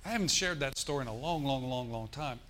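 A man's voice: mid-range voice, lively intonation, fast, sharp tone, slight background noise. A middle-aged male pastor preaching a sermon in a church, telling a story with emphatic bursts.

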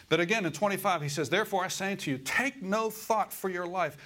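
A male pastor preaching a sermon in a church, folksy, asking the congregation for replies and slowing down to read scripture aloud. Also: high voice, bright, forceful tone.

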